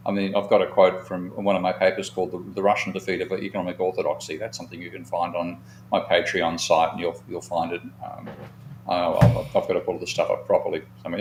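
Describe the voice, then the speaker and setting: Deep-voiced and heard in an echoey room with slight hiss or hum, a male economist hosts a live discussion. His long anecdotes come out frank and meandering, with some swearing mixed in.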